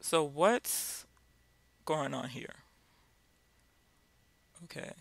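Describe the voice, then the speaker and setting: A man's voice: on the high side, lively intonation, extremely slow, vocal fry, no room sound. A man giving an informal Bible lesson, speaking directly and driving his points home with repeated rhetorical questions. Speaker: Bible teacher.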